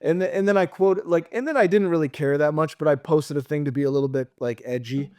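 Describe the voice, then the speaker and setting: Young male co-host, loose rambling chat, slightly high voice, dry close mic. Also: fast, dark tone, no room sound. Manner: rambling, filler-heavy, laughs a lot. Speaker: podcast co-host. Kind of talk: casual chat.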